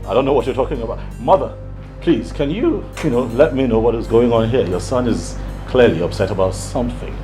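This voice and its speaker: Actor as a stern Nigerian elder prince, lecturing tone, film music plain behind. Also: male voice, medium pitch, fairly quick, lightly acted. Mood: puzzled. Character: older prince, stern and proud of seniority. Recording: film soundtrack with clear music.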